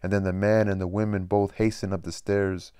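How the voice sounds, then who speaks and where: A man reading a novel aloud in a plain, steady way, now and then stumbling and rereading a phrase. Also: sits low, a little fast, clear, resonant tone, no room sound, clean studio sound. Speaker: audiobook reader.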